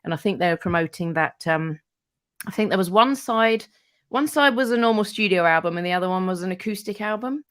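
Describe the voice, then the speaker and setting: A woman's voice: medium pitch, fairly quick, fairly bright tone, dry recording. A woman, a radio presenter telling rambling anecdotes as a guest, with plenty of fillers and casual swearing.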